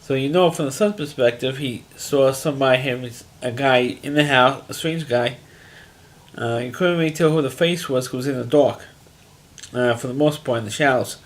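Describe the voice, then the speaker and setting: A man's voice: mid-range voice, moderate pace. A man casually recapping a TV episode in a rambling monologue, restarting his sentences often. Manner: rambling, frequent restarts and fillers, plain-spoken. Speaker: TV episode reviewer.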